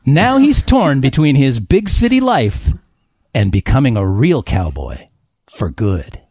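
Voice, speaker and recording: A man's voice: mid-range voice, very animated, unhurried, a little mellow, slightly rough, no room sound. A man hosting a comedy panel game, reading book blurbs aloud with playful, laughing, dramatic delivery. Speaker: host.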